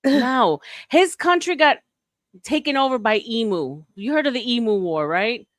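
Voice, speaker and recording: A woman's voice: on the high side, animated, unhurried, no room sound. Teasing, laughing woman stream host. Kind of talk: casual group chat.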